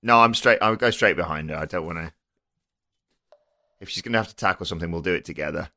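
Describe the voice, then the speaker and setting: A man voicing a brave, loyal warrior who speaks in low, clipped, determined lines in a tabletop game. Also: fast talker, bright, forceful tone. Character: brave loyal male warrior, quiet and blunt.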